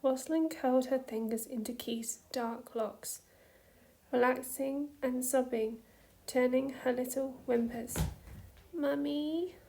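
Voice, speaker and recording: A woman narrating a fan story softly, with a hushed, gentle reading voice. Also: high-pitched, level tone. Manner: slow, soft, hushed reading. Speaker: fanfiction reader.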